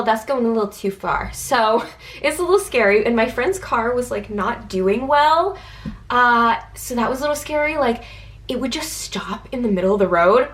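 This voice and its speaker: A woman's voice: fairly high pitch, fairly bright tone. A young woman with a stuffy nose, telling a casual vlog story in a chatty, anxious way, full of "like" fillers. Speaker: vlogger.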